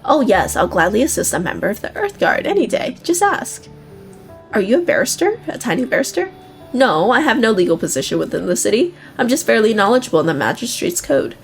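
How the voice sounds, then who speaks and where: A woman's voice: fairly high pitch, sing-song, fairly quick, vocal fry, soft background music. A woman doing Raxo, a smug tiny devil. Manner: smug and chatty, complains at length. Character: tiny red male devil, smug, self-serving and jaded.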